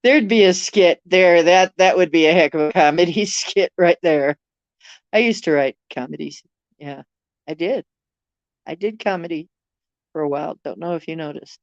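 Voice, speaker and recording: Low-voiced woman chatting casually. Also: moderate pace, no room sound, dull audio. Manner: rambling, joking, self-deprecating. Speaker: livestream host. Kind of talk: casual chat with viewers.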